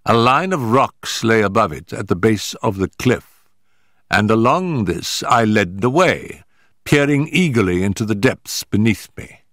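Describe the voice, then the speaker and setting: A man narrating an audiobook in a deliberate, dramatic manner. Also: fairly low pitch, expressive, fairly bright tone, no room sound, clean studio sound. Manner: deliberate and dramatic, in period prose. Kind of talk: scripted narration.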